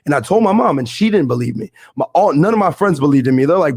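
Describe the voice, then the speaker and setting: A man's voice: a little high, a little mellow, dry recording, studio quality. A young man, a podcast guest, telling his story and explaining deals in emphatic, slangy casual talk. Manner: fast, emphatic, street slang. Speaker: podcast guest, real estate investor.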